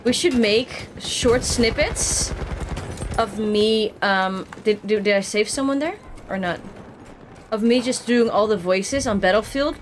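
A woman's voice: a little high, unhurried, slight background noise. Dutch girl gaming stream, chatty and jumpy, yelps and laughs, faint gunfire behind. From Netherlands. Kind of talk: casual gaming stream chat. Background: game gunfire.

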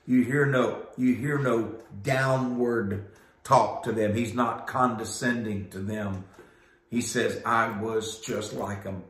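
A man preaching a weekly devotional sermon, emphatic and drawn out, with rising peaks. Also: mid-range voice. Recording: roomy echo.

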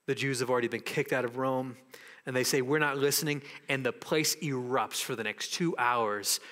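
A man preaching a sermon as pastor, animated and acting out the voices of people in the story. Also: medium pitch, normal speed, long reverb tail.

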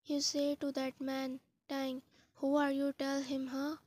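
Woman reading fan fiction, slow and flat, highish voice.

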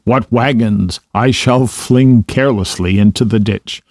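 Male narrator doing vain, gushing toad gentleman, grand and breathless, storybook. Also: fairly low pitch, measured pace, dry recording, studio quality. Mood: rapturous. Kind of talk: storybook reading.

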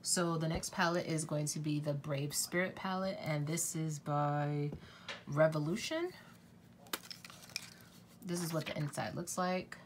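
Low-voiced woman beauty vlogger. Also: unhurried, pauses often, slight background noise. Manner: chatty, effusive, swears when upset. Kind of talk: casual chat to camera.

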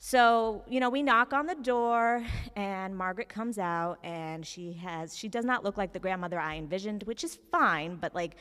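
A young woman telling a personal story on stage in an animated, self-mocking, conversational way. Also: mid-range voice, normal speed, clear, resonant tone. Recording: reverberant hall.

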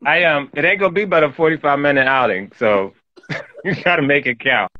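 Older woman guest, low bright voice, folksy and affectionate, dull lo-fi call audio. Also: brisk, no echo. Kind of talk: casual chat. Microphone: video call.

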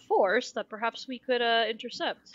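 A woman playing a tabletop role-playing game, speaking in a calm, measured way. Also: on the high side, muffled recording. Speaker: player. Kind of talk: tabletop game in-character play.

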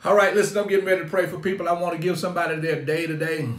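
A man's voice: high-pitched, flat delivery, very fast, echoey room. A middle-aged man, a pastor preaching a sermon in an emphatic, colloquial style, repeating his points over and over. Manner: emphatic, colloquial and repetitive, often laughing.

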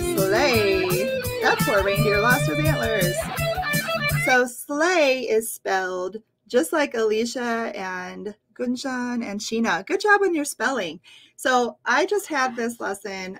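A woman's voice: on the high side, fairly bright tone. A woman teaching English on a livestream, repeating words patiently for learners. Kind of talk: livestream lesson.

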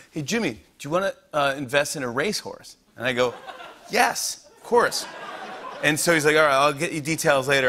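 A man in his forties hosting a late-night talk show, telling a story with lots of laughter and playing the other people in it. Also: medium pitch. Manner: animated storyteller, acts out quoted voices, laughs often. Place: TV studio.

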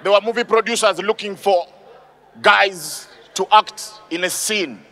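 A man doing stand-up comedy on stage, animated and shouting his punchlines. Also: high voice, a little slow, in a large hall, a little hiss or hum.

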